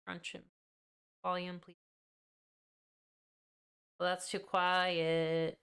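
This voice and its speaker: A young woman on a game stream with a smooth, resonant voice. She chats casually and keeps checking how her audio sounds. Her voice sits a little low for a woman. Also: completely flat delivery, very slow, fairly bright tone. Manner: chatty, fussing over her audio settings. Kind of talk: casual stream chat during a mic check.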